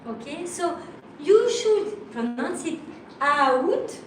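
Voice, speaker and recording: A woman from France with a French accent teaches a live language lesson, patiently spelling out letters. Her voice sits high with lively intonation and a slow pace. The room is very echoey, the mic far off, with faint noise.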